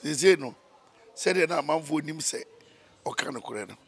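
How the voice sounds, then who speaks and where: Gravelly-voiced man, opinionated. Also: fairly high pitch, animated, normal speed, fairly bright tone. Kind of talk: casual political chat.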